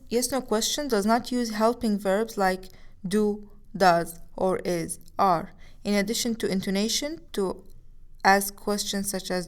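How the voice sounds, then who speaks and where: Woman language teacher, patient explaining delivery, lesson voice-over. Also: medium pitch. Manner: explains slowly, switching between English and Arabic examples.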